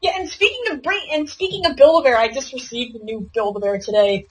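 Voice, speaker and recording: A woman's voice: fairly high pitch, fast, low-quality recording. A young woman co-hosting a podcast in casual chat, rambling and repeating her words. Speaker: podcast co-host.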